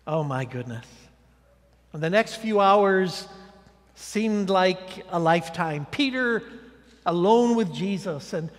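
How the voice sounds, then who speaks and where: A male guest preacher giving a dramatic sermon, swinging between loud declarations and hushed asides. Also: high voice, lively intonation, unhurried. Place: church sanctuary. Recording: church hall reverb.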